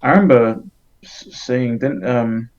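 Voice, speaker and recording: A man's voice: mid-range voice, a little slow, a little mellow, dull audio. A man who makes game videos, talking casually as a podcast guest, rambling and swearing a little. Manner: rambling, full of fillers and restarts, casual swearing.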